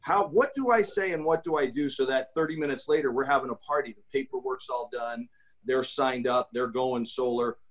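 A man talking casually on a podcast as a guest, pitching his talk with emphatic, salesy energy and acting out customer quotes. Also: moderate pace, poor audio. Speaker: guest speaker.

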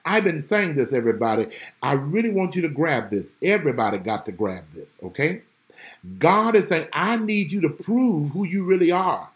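A man's voice: fairly high pitch, big pitch swings, moderate pace. A man preaching a livestreamed Bible study sermon, repeating key phrases with emphasis and greeting viewers by name. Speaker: pastor.

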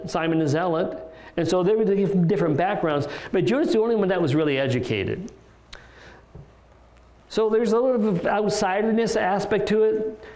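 A man's voice: a little high, darkish tone. Man preaching in an echoey church. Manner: conversational, with restarts and rhetorical questions. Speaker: pastor. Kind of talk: expository sermon. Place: church sanctuary.

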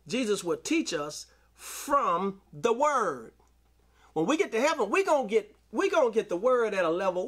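High-voiced preaching man. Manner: preaching with call-outs and scripture reading, rising to shouts. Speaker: pastor. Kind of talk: sermon.

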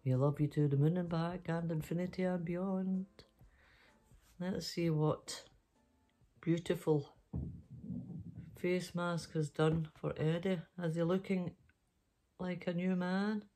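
A woman, hosting a bedtime story and signing off in a soft, affectionate, sing-song way. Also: fairly low pitch, fairly even intonation, slow, pauses often. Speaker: storyteller and channel host. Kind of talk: cosy bedtime story sign-off.

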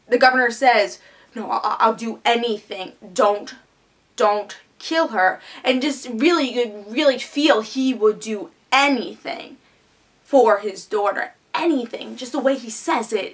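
A woman's voice: on the high side, fairly bright tone. A woman giving a casual, eager TV episode review, chatty and full of fillers. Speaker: TV show reviewer.

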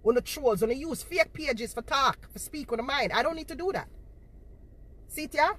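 A woman's voice: sits high, expressive, moderate pace, fairly bright tone. A woman, confronting her viewers on a livestream and repeating herself for emphasis, talking into a phone held in front of her face. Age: 40s.

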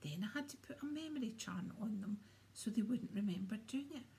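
A woman voicing a vain, smooth-talking male wizard teacher in a storybook reading, pompous and condescending. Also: on the high side, lively intonation, fairly quick, dark tone, slight background noise. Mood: smug.

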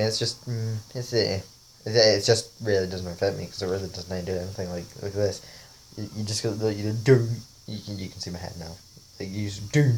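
A man's voice: on the low side, steady tone, fairly quick, slight background noise. A man casually talking over a face-swap app, rambling and often laughing. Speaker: vlogger.

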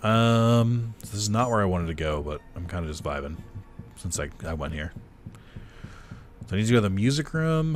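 Deep-voiced, lively man commenting on gameplay. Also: moderate pace, long pauses. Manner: chatty, swears freely, laughs at his own jokes. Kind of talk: casual let's-play commentary.

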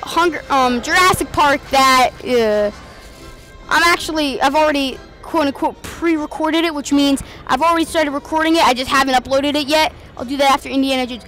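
A woman hosting a let's play video, giving excitable, playful commentary over the game and mimicking the characters. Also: sits high, fairly quick, faint music behind. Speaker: gaming channel host.

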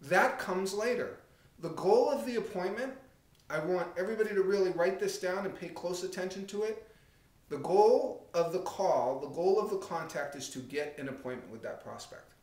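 High-voiced man coaching, echoey room. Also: brisk. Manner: direct, conversational, with animated acted-out anecdotes. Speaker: real estate coach. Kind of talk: coaching talk to camera.

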